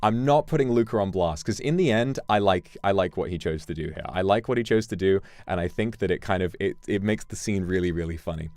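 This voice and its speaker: A man streamer chatting casually, telling an animated story with sudden jumps in pitch. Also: fairly quick, few pauses, no echo. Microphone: streaming microphone. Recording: dry close mic, faint music behind.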